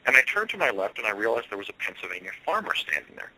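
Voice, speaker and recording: A man telling a long first-person story as an interview guest, earnest and halting, with frequent fillers. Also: fairly low pitch, big pitch swings, sharp tone, low-quality recording.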